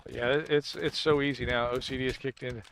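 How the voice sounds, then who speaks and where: A man's voice: medium pitch, steady tone, fairly quick, a bit bright, a little hiss or hum. A man streaming a game from his computer, chatting in a rambling, jokey way and laughing at his own puns. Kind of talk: casual chat while playing a game.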